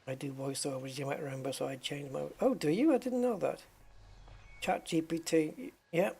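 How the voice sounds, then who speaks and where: A man's voice: fairly high pitch, moderate pace, creaky, dark tone, husky. A man chatting casually to his viewers while playing a game, rambling from topic to topic. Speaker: gaming streamer. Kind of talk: casual livestream chat while gaming.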